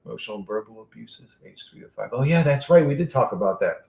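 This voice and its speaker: A man's voice: mid-range voice, expressive, quick pace, vocal fry, darkish tone, roomy sound. A man hosting a livestream, rambling casually and profanely while reading and answering chat. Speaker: livestream host.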